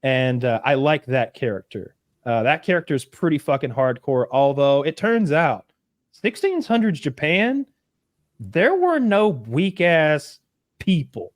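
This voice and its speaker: A man co-hosting a casual podcast chat, telling stories with animated bursts and acted-out quotes. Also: a little high, measured pace, no room sound, clean studio sound. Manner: animated storytelling, acts out quotes in loud bursts. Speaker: podcast co-host.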